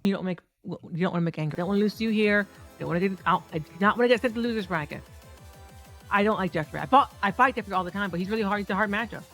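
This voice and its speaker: Bright-voiced woman, profane game commentary. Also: mid-range voice, racing. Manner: excitable, profane, talks to viewers. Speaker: competitive fighting game player. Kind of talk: commentary over her own match footage. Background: faint background music.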